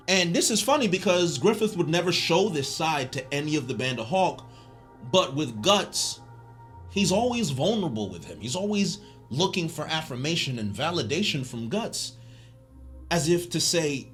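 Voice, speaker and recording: A man giving a casual commentary recap as a video essayist, animated and joking, with a slangy way of talking. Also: fairly high pitch, moderate pace, faint music behind.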